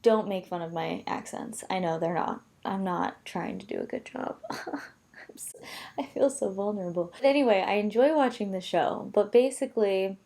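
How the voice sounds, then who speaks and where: A young woman from the United States chatting casually to camera, self-deprecating and full of quick asides. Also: medium pitch, creaky, darkish tone. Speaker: vlogger.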